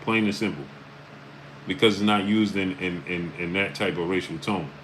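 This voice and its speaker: Deep-voiced New York man greeting his chat. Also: fairly even intonation, a bit bright, a little hiss or hum, poor audio. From Brooklyn, New York. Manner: reads out viewer names with quick greetings, blunt and emphatic. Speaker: live stream host. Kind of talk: casual live-stream chat.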